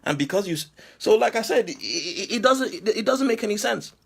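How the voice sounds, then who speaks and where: A man's voice: high voice, lively intonation, a little fast, vocal fry, fairly bright tone, husky. A man with a British accent delivering an impassioned monologue, firing off rhetorical questions and repeating himself as he argues. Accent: British English. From England. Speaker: commentator responding to a critic.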